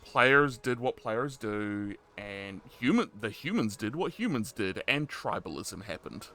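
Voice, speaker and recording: Guy in his 30s hosting a chat podcast, kinda low voice, gets animated and jokey. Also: unhurried. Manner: animated storyteller, jokes and laughs often. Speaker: podcast host and roleplay community admin. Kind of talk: casual conversational interview.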